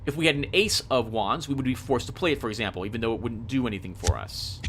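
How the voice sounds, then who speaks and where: A man doing casual game commentary, excitably explaining the rules aloud and reading out the game text. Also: medium pitch, quick pace, soft background music. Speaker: let's play host.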